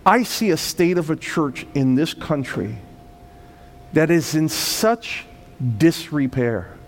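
A man preaching a sermon as pastor, swelling from quiet, emphatic points into loud, urgent appeals. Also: a little high, sing-song. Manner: preaching with sudden swells of volume and emphatic slowdowns.

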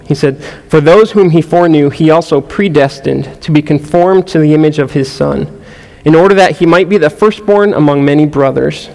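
A man teaching a sermon in an earnest, verse-by-verse way, his voice sitting a little high for a man. He stumbles and repeats words as he goes and puts questions to the listeners. The sound rings out with a long reverb, as in a large hall. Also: moderate pace, vocal fry, mellow. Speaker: pastor or Bible study teacher.

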